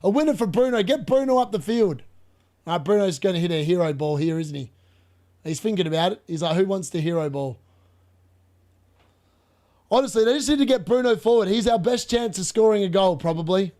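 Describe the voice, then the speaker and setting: Live on his fantasy football stream, a young man commentates a football match, sounding excitable and laughing often as he talks with chat. His voice sits high and moves fast.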